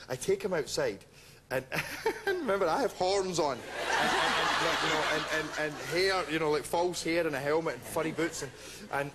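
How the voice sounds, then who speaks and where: A man, a talk show guest, animatedly telling comic anecdotes, laughing often and stumbling over repeated words. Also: a little high. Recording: loud background noise.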